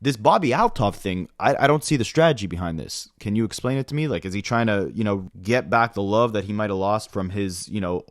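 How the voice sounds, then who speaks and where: A man hosting a casual rap commentary, talking in an animated, incredulous way full of fillers. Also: on the low side, fairly quick, hardly any pauses, no echo, clean studio sound.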